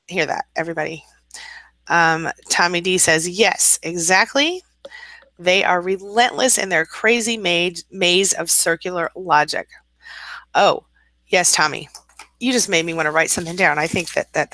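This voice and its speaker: Lady coach on a live stream at home, low voice but bright and forceful, super encouraging. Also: no room sound, low-quality recording. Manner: encouraging, affirming, chatty. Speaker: narcissistic abuse recovery coach, host. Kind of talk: live-stream coaching, reading viewer comments aloud. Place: at home, cat nearby.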